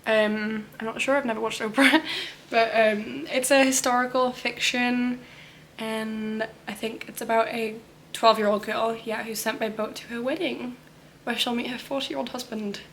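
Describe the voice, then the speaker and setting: A woman's voice: on the high side, steady tone, moderate pace, fairly bright tone, slight background noise. Chatty young woman with filler words. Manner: rambling, many "um" and "like" fillers. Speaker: book vlogger. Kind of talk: casual chat about reading plans.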